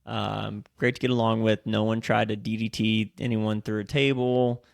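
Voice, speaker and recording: A man's voice: fairly low pitch, flat delivery, normal speed, vocal fry. A young man co-hosting a podcast, telling stories in casual chat, swearing freely and acting out what people said. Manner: storytelling with lots of swearing and acted-out quotes. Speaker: podcast co-host.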